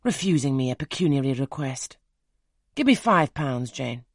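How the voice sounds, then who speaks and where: A man with a husky voice reading the part of a brusque, teasing wealthy gentleman in an audiobook, gruff and commanding. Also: mid-range voice, very animated, moderate pace, no echo, clean studio sound.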